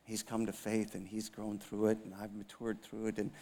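A man's voice: lowish voice, monotone, moderate pace, warm tone. Storytelling pastor in his fifties, reverberant hall. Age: 50s. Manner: storytelling with self-mocking humor and acted dialogue. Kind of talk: sermon.

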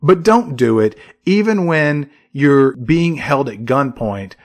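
A man's voice: medium pitch, takes it slowly. A man co-hosting a comedic movie podcast, recapping scenes and acting out the characters. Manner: animated storyteller, acts out characters. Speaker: podcast co-host.

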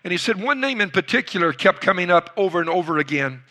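A man preaching a sermon, retelling a story with dramatic swings from loud bursts to hushed lines. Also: high voice, sing-song, quick pace. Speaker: pastor.

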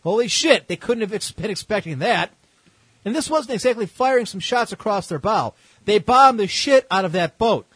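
A man's voice: high-pitched, animated, normal speed, fairly bright tone, husky, no echo, poor audio. A man hosting a podcast, telling history as comedy with sarcastic, irreverent asides. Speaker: podcast host.

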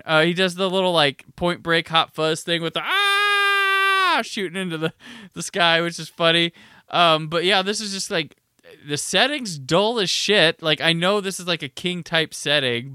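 A man's voice: a little high, bright, forceful tone, clear, resonant tone, no room sound, studio quality. A man hosting a podcast, chatting casually and animatedly about a film, with a rambling style full of "like". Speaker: podcast host.

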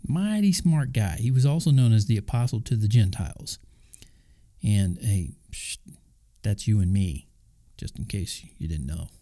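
A man's voice: lowish voice, moderate pace, long pauses, dark tone. A man hosting a Christian talk, speaking conversationally with casual asides and the odd chuckle. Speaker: Christian podcast host.

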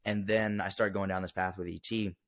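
Deep-voiced young man telling an earnest story. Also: flat delivery, fairly quick, a bit bright. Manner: earnest, emotional storytelling with frequent fillers. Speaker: podcast guest. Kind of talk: casual storytelling interview.

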